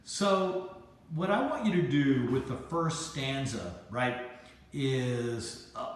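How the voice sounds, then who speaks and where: Slow, hesitant male teacher in an echoey room. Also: mid-range voice. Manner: hesitant, many fillers and restarts; explanatory, checks in with "right?". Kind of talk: recorded class lecture.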